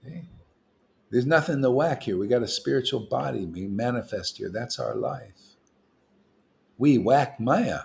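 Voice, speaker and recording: A man leading a gathering of devotees, preaching in a loose, slangy, teasing way, with his voice swinging from loud bursts to quiet asides. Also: lively intonation, a little slow, gravelly, long pauses. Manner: emphatic and slangy, with swings in loudness and pitch; teasing, playful jokes between serious points. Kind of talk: informal preaching to a small group.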